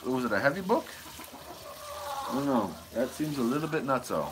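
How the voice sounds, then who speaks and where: Outdoors on his homestead, a Michigan man hosts a casual live stream for his homesteading channel, reading viewer comments aloud and rambling through goofy answers. His medium-pitched voice swings widely in pitch and moves fairly quickly, and his wireless lapel mic catches background noise.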